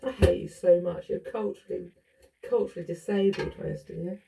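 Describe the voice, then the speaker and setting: Woman, middle-aged, gravelly and blunt, casual sweary ramble, far from the mic with loud background noise. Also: lowish voice, fairly quick.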